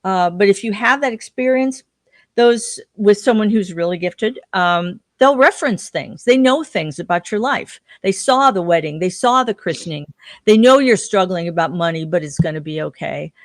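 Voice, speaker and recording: A woman's voice: medium pitch, expressive, normal speed, no echo, clean studio sound. A woman guest in an interview, telling stories and acting out the people she quotes. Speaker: guest researcher. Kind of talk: interview storytelling.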